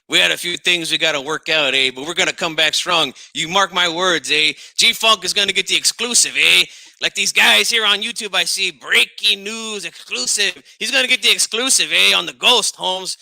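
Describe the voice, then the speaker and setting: A man's voice: sits high, brisk, gravelly, bright, forceful tone, no room sound, full character voice. A man doing a comedic impression of a brash, combative older Chicano boxing dad, with a Chicano English accent, who ends nearly every line with "eh?" and "Holmes.". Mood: defiant. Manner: indignant, trash-talking.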